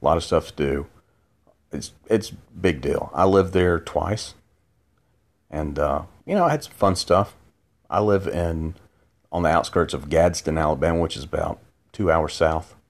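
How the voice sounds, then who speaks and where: A man's voice: extremely low pitch, measured pace. A man, hosting his own podcast, rambling through a drowsy late-night monologue from bed, full of restarts and asides. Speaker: podcast host. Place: in bed at home.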